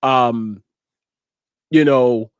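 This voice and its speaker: A man's voice: mid-range voice, very slow, clear, resonant tone, no echo. Man, talk show host, repeats words, dry close sound. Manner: laughs often, repeats words, slangy. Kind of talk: casual chat to a live audience.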